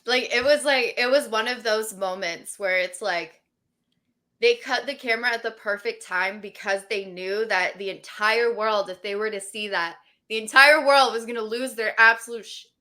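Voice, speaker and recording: A woman co-hosting a casual podcast, telling the week's wrestling drama in an excited, gossipy way. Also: a little high, moderate pace. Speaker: podcast co-host. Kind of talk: casual wrestling recap chat.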